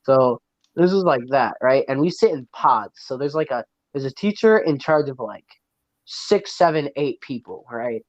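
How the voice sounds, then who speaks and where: A teenage boy co-hosting a podcast tells a rambling story while gaming, packing it with "like" and "right?". His medium-pitched voice has lively intonation and a moderate pace, in a dry, lo-fi recording.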